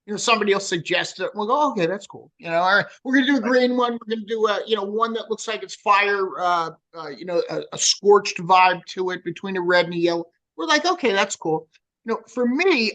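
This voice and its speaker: A man's voice: high-pitched, low-quality recording. A man in his sixties with a New Jersey accent, a metal singer telling swearing-filled stories in a casual interview. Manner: profane, storytelling, animated.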